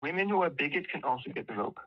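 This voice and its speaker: A man's voice: fairly high pitch, animated, racing, muffled recording. A man arguing in a heated online debate, sarcastic and combative, hammering the same pointed questions.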